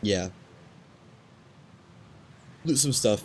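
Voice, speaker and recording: Male streamer, lowish voice, casual self-talk commentary, hiccups, game engine noise clearly under the voice. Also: expressive, normal speed. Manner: muttering to himself, laid-back. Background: game ambience and engine noise.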